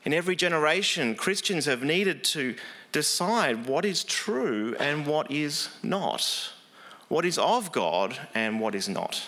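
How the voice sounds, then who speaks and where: A man's voice: fairly high pitch, very animated, unhurried, sharp tone. A man preaching a sermon in an earnest, conversational way, with frequent fillers.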